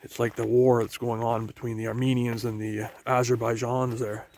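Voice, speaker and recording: A man with a gravelly, creaky voice talks into a handheld camera while walking outdoors on a trail. He thinks aloud, halting and restarting often, in a loose vlog style. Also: mid-range voice, level tone, a little mellow. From Canada. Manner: halting, musing, many restarts. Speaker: vlogger. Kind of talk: rambling walk-and-talk vlog.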